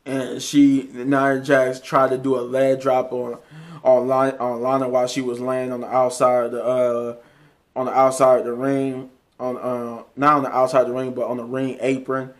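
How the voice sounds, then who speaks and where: A man talking through a show recap in a loose, rambling way, often restarting and correcting himself mid-sentence. His pitch sits in an ordinary middle range but barely moves, giving the recap a flat, even tone. He chuckles now and then as he goes. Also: normal speed. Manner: chuckles often while recounting. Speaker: wrestling show reviewer. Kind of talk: casual solo review recap.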